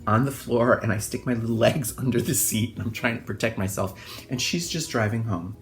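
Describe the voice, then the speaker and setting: A middle-aged man, a hairstylist, telling a personal childhood story in an animated, expressive way, acting out the scenes. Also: medium pitch, fairly quick, faint music behind.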